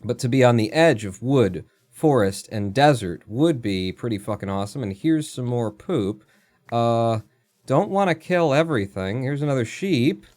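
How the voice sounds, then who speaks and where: A man streaming a game live, thinking aloud, counting under his breath, chatting to animals and breaking into excited outbursts with casual swearing. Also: medium pitch, moderate pace. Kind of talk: live gameplay commentary.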